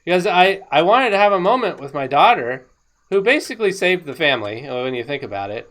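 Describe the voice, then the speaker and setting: A woman talking casually over her own gameplay footage, excitable and rambling, laughing often. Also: low voice, fairly quick. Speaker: gaming video creator.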